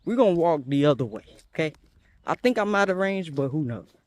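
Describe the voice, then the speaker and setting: Animated young man vlogging outdoors. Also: fairly high pitch, fairly quick. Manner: animated, chatty, jumpy and nervous. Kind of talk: casual story-time vlog. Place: outdoors, walking.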